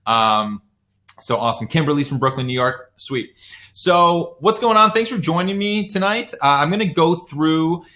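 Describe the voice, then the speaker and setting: Young man, live-stream host, casual chat, bright forceful voice, greets viewers by name. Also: on the high side, animated, normal speed. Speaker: author and musician hosting a live stream. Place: home, near his bookshelf.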